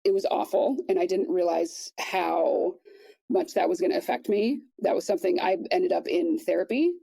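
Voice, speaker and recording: Woman guest, soft-spoken storyteller, lowish warm voice, dry close sound. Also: gravelly, no room sound, low-quality recording. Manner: quiet, measured retelling with many restarts. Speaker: podcast guest. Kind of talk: personal storytelling in conversation.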